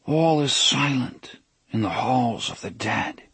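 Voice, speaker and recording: A man's voice: mid-range voice, animated, slow pace, a bit bright, slightly rough, no room sound, full character voice. A man reading an audiobook, voicing a dazed young man who whispers a chant in a falling, fainting voice. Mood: entranced.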